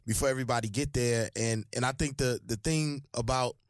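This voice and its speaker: A man's voice: medium pitch, steady tone, dry recording, clean studio sound. A man guest in a casual interview, talking loosely with frequent restarts and profanity. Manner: loose, halting, profane talk. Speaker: rapper guest.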